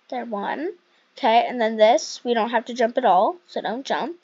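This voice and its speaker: A woman's voice: a little high, normal speed, a little mellow, slightly rough, dull audio. A woman hosting casual game commentary at home, chatty and rambling as she plays. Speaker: gaming channel host.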